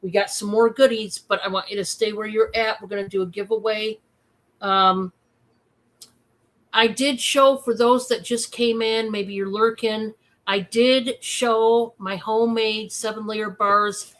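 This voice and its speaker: A woman hosting a casual live-stream sale, chatty and excitable, with many fillers. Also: medium pitch, unhurried.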